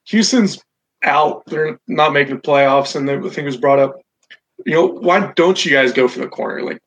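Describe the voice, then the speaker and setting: Slightly high-voiced male podcast host. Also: normal speed, a bit bright, rough recording. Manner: steers the talk, moves topics along. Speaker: podcast host asking questions. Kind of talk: casual sports podcast.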